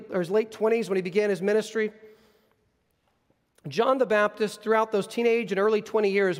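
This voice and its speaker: A male pastor delivering a sermon in an earnest, explanatory way, with frequent restarts, in a church. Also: sits high. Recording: long reverb of a large hall.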